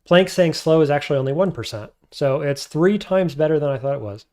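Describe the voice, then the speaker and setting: A man's voice: on the high side, animated, brisk, a little mellow. A man streaming a game, thinking aloud as he weighs his options and answers chat. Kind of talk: casual live-stream commentary.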